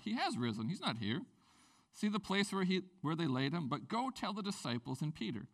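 Male pastor, middle-aged, from Canada, fairly high voice, very lively pitch, animated storyteller, sermon. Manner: animated storytelling, acts out quoted voices with big pitch jumps.

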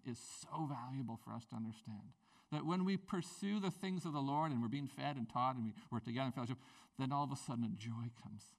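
A man preaching a sermon as a pastor, in a conversational, animated way with playful asides. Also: fairly high pitch, distant mic.

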